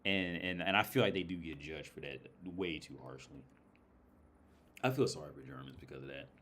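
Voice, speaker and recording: A man's voice: very deep voice, a little fast, pushed and bright, slight background noise. An American man rambling casually on a livestream, swearing a lot and laughing often. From United States. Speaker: livestream host.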